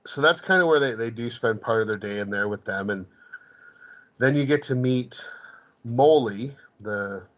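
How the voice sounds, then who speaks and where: Co-hosting a podcast, a man with a medium pitch and fairly bright tone chats casually about a comedy film at a moderate pace. He rambles and often restarts, laughing while recounting, and the audio is dull.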